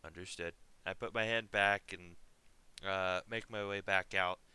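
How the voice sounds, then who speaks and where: Deep, laid-back male tabletop player. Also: steady tone, a little slow, pushed and bright, smooth, no room sound. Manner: laid-back, filler-heavy. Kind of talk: casual game talk.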